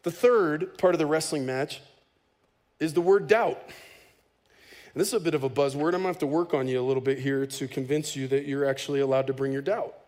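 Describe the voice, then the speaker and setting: A man preaching a sermon as pastor, conversational and animated, with casual humor. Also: a little high, brisk.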